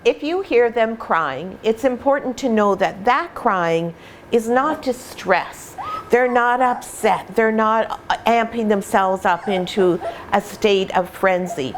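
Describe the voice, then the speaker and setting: A middle-aged woman who breeds puppies, explaining patiently and warmly in an instructional vlog at home, sometimes slipping into playful voices. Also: on the high side, slow, slight background noise. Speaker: puppy breeder.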